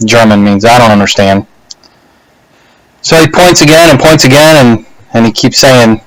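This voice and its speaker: A man speaks into his laptop webcam in a small room, telling a personal story in an easygoing way. His voice sits at an average pitch and sounds dry and close, with no room echo. He pauses often, filling gaps with soft hesitations. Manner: unhurried, halting, many "uh" and "you know" pauses. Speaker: speaker giving a practice speech. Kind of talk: casual personal storytelling to camera.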